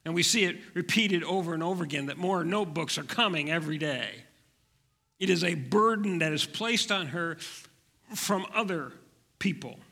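A man preaching a sermon as pastor, gentle and unhurried, letting his voice drop soft. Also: a little high, vocal fry, in a large hall.

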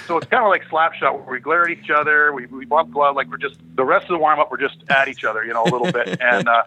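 Fast, bright-voiced storyteller man, husky. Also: a little high, a little hiss or hum, rough recording. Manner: animated, laughing, acting out quotes. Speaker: guest storyteller, former hockey player. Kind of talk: casual storytelling on a podcast.

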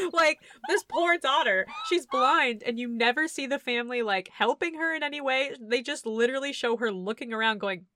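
Animated young-sounding woman ranting about a movie. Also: high voice, normal speed, hardly any pauses, a little hiss or hum. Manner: animated, laughing, quotes scenes in voices. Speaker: podcast co-host reviewing a movie. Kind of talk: casual chat.

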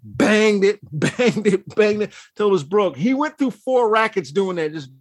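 A man in casual conversation, telling stories in a heated, animated way with plenty of swearing. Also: high voice, a little slow, no room sound, studio quality. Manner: animated, profane, heated storytelling. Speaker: podcast co-host. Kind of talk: casual chat.

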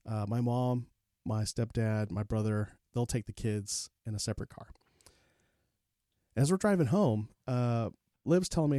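A man's voice: mid-range voice, measured pace, warm tone, no room sound, studio quality. A man in his forties, a podcast guest, candidly recounting his life story with plenty of fillers and restarts. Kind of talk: personal storytelling in an interview.

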